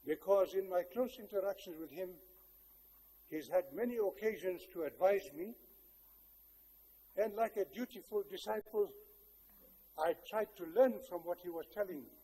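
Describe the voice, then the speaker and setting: An older South African man giving a public speech, telling a personal story in a measured, reflective way with wry humor. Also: high voice, mellow, a little hiss or hum. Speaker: guest speaker. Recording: long hall reverb.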